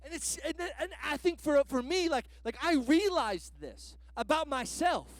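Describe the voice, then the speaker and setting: A guest pastor, a man, preaches in a loose, conversational way, leaning on slang and "like" fillers. His voice sits very high and moves around a lot in pitch. The sound is dry and close, with little room in it. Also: sing-song, unhurried, dry recording. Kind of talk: sermon.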